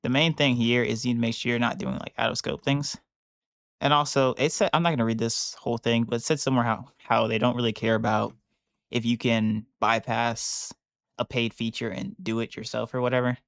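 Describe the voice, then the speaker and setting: A man's voice: mid-range voice, level tone, brisk, gravelly, a bit bright, no room sound. A man streaming a live work session, talking casually as he thinks aloud and rambles through restarts, close to his mic in a small room. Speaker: bug bounty hunter streaming a live session. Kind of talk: casual live-stream commentary while working. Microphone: close mic on a headset or desk.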